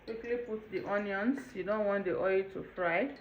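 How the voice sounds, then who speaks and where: A woman's voice: medium pitch, normal speed. A woman hosting a home cooking tutorial, explaining each step in a chatty way and checking in with the viewer. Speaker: cooking channel host. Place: home kitchen. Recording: dull lo-fi home video with faint room noise.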